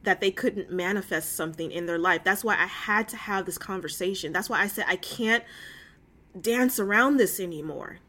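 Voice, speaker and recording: A bright, forceful woman's voice at medium pitch moves at a moderate pace through a casual, phone-recorded faith talk she's hosting. Earnest and full of feeling, she chats freely, dropping in many fillers and side remarks.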